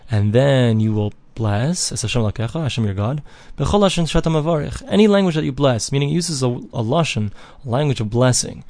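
In a dry recording, a man with a slightly mellow mid-range voice gives a daily page Talmud lesson. Each phrase gets read aloud first, then translated into plain English and explained.

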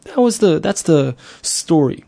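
A middle-aged man teaches a Torah lesson in a somewhat high voice. He explains earnestly, circling back over his points and posing rhetorical questions as he goes. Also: lively intonation, a little slow, creaky, dark tone.

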